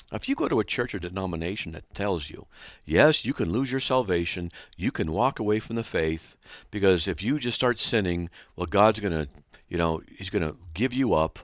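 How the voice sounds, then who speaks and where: A man's voice: lowish voice, no echo, clean studio sound. A man hosting a Christian radio show and reading listener mail aloud, emphatic and argumentative, with a sarcastic edge. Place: radio studio.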